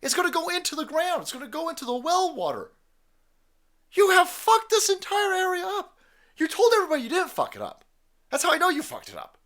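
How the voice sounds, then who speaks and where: A man's voice: very high voice, wildly swooping pitch, fairly quick, fairly bright tone. A man giving crude, mocking reaction commentary, ranting and swearing. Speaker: online commentator.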